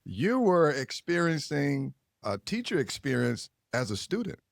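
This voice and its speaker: A man's voice: a little high, very animated, measured pace, gravelly, dry recording, studio quality. A man hosting an interview podcast, reflecting on the guest's stories and affirming them, with occasional laughs. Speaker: podcast host. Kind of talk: interview talk.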